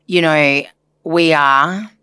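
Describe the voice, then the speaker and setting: Woman therapist guest, low voice, dry close sound, earnest, reflective, chatty. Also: steady tone, drawn-out words, pushed and bright, clear, resonant tone, no room sound. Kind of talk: casual podcast conversation.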